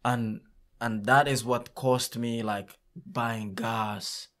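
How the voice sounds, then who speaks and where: A man who runs a youth soccer camp, telling stories in a casual interview, animated and halting with frequent restarts. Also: mid-range voice.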